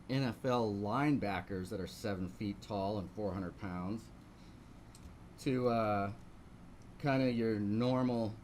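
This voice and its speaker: Over slight background noise, a painting instructor leads a live online class in a low-ish, slightly mellow voice. He walks viewers through every step, posing rhetorical questions along the way.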